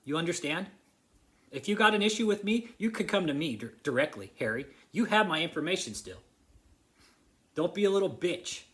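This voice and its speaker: A man's voice: fairly high pitch, lively intonation, brisk, a bit bright. A man vlogging an angry, profane rant straight to the camera, repeating himself and confronting someone by name. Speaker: vlogger exposing a church.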